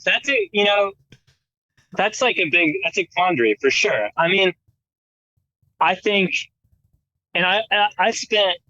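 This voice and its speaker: A man's voice: high voice, expressive, measured pace, pauses often, sharp tone, dull audio. A man in his thirties with an American accent, a guitarist talking casually in an interview, full of "like" and restarts. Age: 30s. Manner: rambling, lots of "like" and restarts. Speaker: guest guitarist. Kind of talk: casual conversation.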